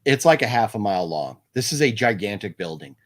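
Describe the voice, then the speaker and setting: A man with a fairly low voice hosts a casual live movie news stream. He rambles loosely, filling his talk with ums, likes and restarts. He stops now and then to read viewer comments aloud. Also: big pitch swings, brisk.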